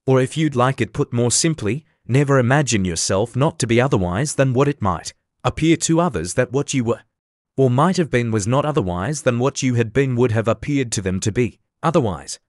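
A man's voice: mid-range voice, expressive, brisk, no echo, clean studio sound, close to an everyday voice. A man reading as a prim, moralizing Duchess. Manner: prim, sententious. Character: moralizing, agreeable old female Duchess.

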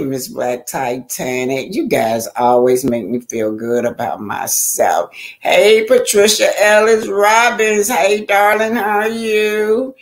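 Chatty older woman streaming. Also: fairly low pitch. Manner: chatty, greets viewers by name, rambling. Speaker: YouTube livestream host. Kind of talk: casual livestream chat.

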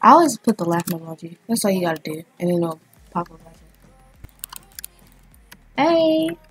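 Excitable breathy woman narrating her gameplay. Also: lowish voice, brisk. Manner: excitable, chatty, thinks aloud while playing. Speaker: gaming channel host. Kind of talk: casual gameplay commentary.

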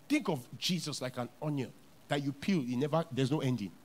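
A male pastor with a Nigerian English accent delivers a sermon in a church. His fairly high voice rises and falls a great deal, dropping to near hushes and then climbing to loud, emphatic repeats. His pitch stays lively from phrase to phrase. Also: fairly quick.

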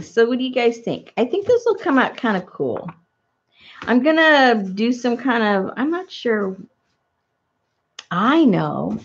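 A woman's voice: a little high, slightly rough, dull audio. A middle-aged woman chatting casually while crafting, rambling through asides and laughing often. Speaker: crafting vlogger.

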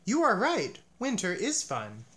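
A man's voice: high voice, wildly swooping pitch, a little slow, a bit bright, a little hiss or hum, pitched above the performer's own voice, full character voice. A man doing a grumpy, bed-loving storybook toad. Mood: pleased. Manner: grumbling and reluctant. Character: grumpy, timid male toad who loves his bed.

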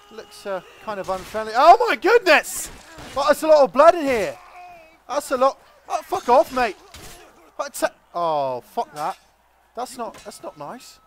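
A young man hosting a comedic gameplay video, reacting loudly and excitably with frequent swearing. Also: sits high, slight background noise. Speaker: host.

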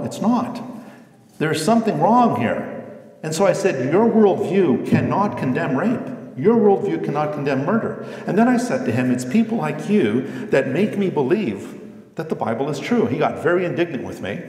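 A man's voice: fairly high pitch, darkish tone. A man giving a lecture, telling anecdotes with emphasis and acting out the dialogue. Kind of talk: lecture with storytelling. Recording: echoey hall, reverberant.

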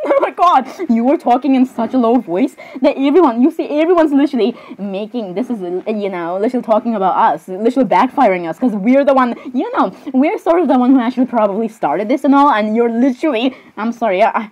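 Girl with a high voice rambling thru silly cartoon voice-overs, keeps saying sorry, squeaky jumps. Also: lively intonation, fast talker, darkish tone, muffled recording. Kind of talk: comedic voice-over of cartoon characters.

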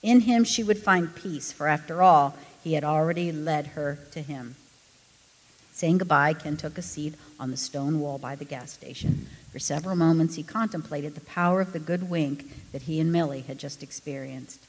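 A woman reading a true story aloud to a congregation, with expressive storytelling. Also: low-pitched, normal speed, husky. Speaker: pastor's wife reading a story. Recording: echoey hall.

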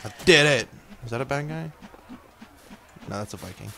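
A man commenting casually on his gameplay, slipping into hammy pirate and Viking threats and yelling at the game. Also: medium pitch, lively intonation, normal speed, creaky, a little hiss or hum. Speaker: gaming video host.

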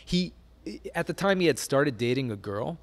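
A man's voice: medium pitch, animated, normal speed. Rambling, laughing male interview guest. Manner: rambling, filler-heavy, laughs often. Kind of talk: casual storytelling interview.

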